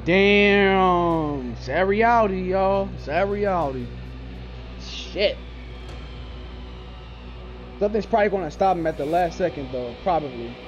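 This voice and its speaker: A man's voice: sits high, animated, a little slow, long pauses, a little mellow, highs cut off, soft background music. A young man giving let's play commentary in a profane, frustrated rant. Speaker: gamer.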